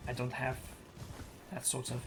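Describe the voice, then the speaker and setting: A man in his thirties, a native Spanish speaker from South America, who streams games and talks in a casual, excitable way with lots of swearing. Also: medium pitch, unhurried, noisy background. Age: 30s. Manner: swears a lot, excitable outbursts. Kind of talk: casual gameplay commentary.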